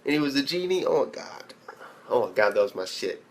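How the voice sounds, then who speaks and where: A young man rants in a video review, blunt and foul-mouthed. He rambles and restarts his sentences, with a medium-pitched voice. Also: very animated, fairly quick. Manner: profane and blunt, heavy swearing. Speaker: anime reviewer.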